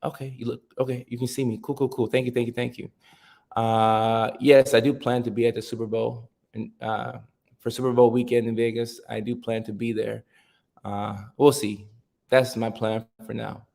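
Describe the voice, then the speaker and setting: Man, livestream host, casual chat, gravelly low edge, relaxed, repeats phrases. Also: normal speed. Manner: relaxed, repeats himself, reads chat aloud.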